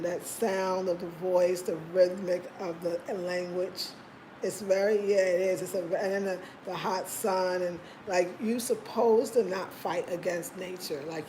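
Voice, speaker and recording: A woman hosting a casual vlog, talking in an expressive, emphatic way and laughing often. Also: fairly low pitch, a little hiss or hum, poor audio. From United States. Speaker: vlog host.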